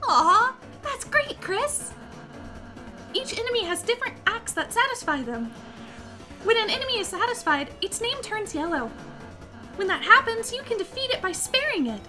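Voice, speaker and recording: A woman voicing a shy, gentle young male goat-like creature, reading his lines in a sweet, hesitant, encouraging way. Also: very high voice, sing-song, moderate pace, pauses often, over music. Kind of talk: reading game dialogue aloud.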